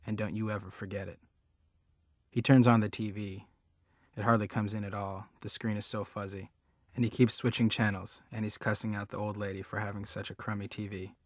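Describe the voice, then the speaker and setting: A man narrating an audiobook in a plain, measured storytelling manner. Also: fairly low pitch, no echo, clean studio sound. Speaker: audiobook reader. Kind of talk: scripted narration.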